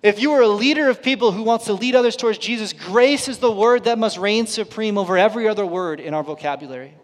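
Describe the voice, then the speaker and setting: A male pastor preaching a sermon in an earnest, conversational way, his loudness rising and falling sharply. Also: high-pitched, fast. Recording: long reverb of a large hall.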